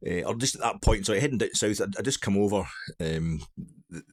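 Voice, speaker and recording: A man's voice: fairly low pitch, expressive, brisk. A middle-aged man with a Glaswegian accent, telling a rambling, self-mocking story in a casual monologue. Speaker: vlogger.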